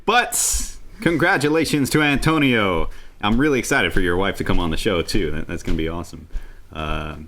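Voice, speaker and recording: A man with a scruffy, deep voice, co-hosting a gaming podcast in lively casual talk. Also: normal speed. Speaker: podcast co-host.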